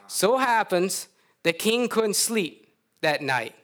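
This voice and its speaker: A man's voice: high-pitched, expressive, slow, fairly bright tone. A man with a Louisiana accent preaching a sermon in a folksy storytelling way, acting out the characters.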